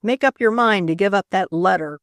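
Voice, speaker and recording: A woman voicing a gruff, bullying male reporter in an audiobook, blunt, growling and demanding. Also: medium pitch, a little fast, dry recording, lightly acted. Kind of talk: audiobook character voice.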